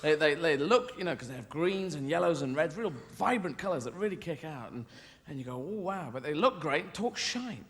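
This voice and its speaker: A man's voice: a little high, animated, brisk. A man performing stand-up comedy in a rambling, whimsical way, often breaking off and interrupting himself. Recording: loud background noise.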